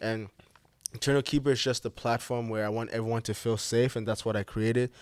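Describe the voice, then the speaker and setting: A man's voice: mid-range voice, fairly even intonation, a little fast, no echo. Young man, African accent, earnest heartfelt guest, dry close sound. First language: African language. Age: young adult. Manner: earnest, heartfelt, many fillers. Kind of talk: casual chat.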